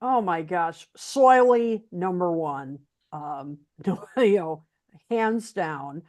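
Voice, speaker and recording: A woman's voice: fairly low pitch, expressive, drawn-out words, a little mellow. A woman co-hosting a casual music chat, talking enthusiastically with many fillers. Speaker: podcast co-host.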